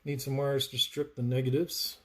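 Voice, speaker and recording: A man's voice: mid-range voice, flat delivery, normal speed, a bit bright, slight background noise. A man hosting a live stream, chatting while he narrates soldering work and answers viewers. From North Carolina, US. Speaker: livestream host, saber builder. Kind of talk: live soldering tutorial chat.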